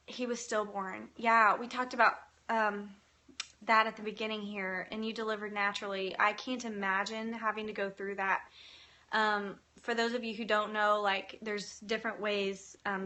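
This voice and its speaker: A woman hosting a live video, speaking in an earnest, gentle and encouraging way as she reads viewer comments. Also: medium pitch. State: tearful at times. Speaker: faith-based live video host. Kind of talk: live-stream talk, reading comments.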